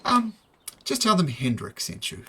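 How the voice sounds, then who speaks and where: A man voicing Hendrik, a smooth-talking male merchant who keeps asking for favors and hedges about money. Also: on the high side, huge pitch swings, normal speed, pushed and bright, pitched above the performer's own voice, exaggerated voice. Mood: wheedling. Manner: wheedling, hedging.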